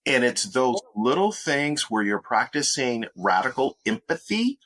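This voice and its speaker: Bright-voiced man, upbeat guest speaker. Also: mid-range voice, very animated, no room sound. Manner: upbeat, measured, instructive. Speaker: motivational speaker and author, guest. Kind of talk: interview answers, coaching advice.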